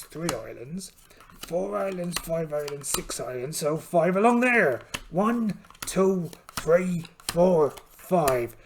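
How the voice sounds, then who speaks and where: A man of middle age runs a solo tabletop game in cheerful pirate-speak, slipping between as he goes. His voice sits a little high and swings widely in pitch. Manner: playful pirate-speak, drifting between accents. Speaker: host and solo game player. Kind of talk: solo tabletop role-playing actual play.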